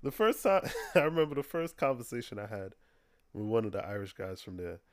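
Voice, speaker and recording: A man's voice: on the low side, very animated, brisk, a little hiss or hum. A man co-hosting a casual podcast, laid-back, laughing often and swearing casually. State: injured foot, immobile. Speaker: podcast co-host. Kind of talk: casual chat.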